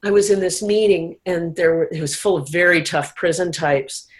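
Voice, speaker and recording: A woman's voice: fairly low pitch, normal speed, rough recording. A woman speaking as an interview guest, telling a personal recovery story in a candid, emotional way.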